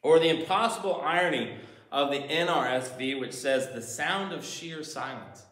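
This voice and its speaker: A man preaching a sermon, animated, shifting between loud emphasis and quiet asides. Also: on the high side, moderate pace, roomy sound. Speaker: pastor.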